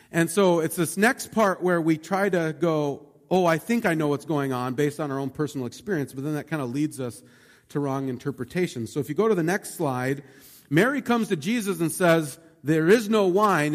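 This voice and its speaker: Male pastor, chatty sermon delivery, slightly high voice, reverberant church hall. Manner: conversational, uses many fillers like "like" and "right?".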